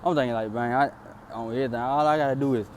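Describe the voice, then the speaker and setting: A man's voice: fairly even intonation, quick pace, a little mellow, a little hiss or hum. A young man casually recounting a story outdoors in a rambling, repetitive way. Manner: rambling, repetitive "then boom" narration.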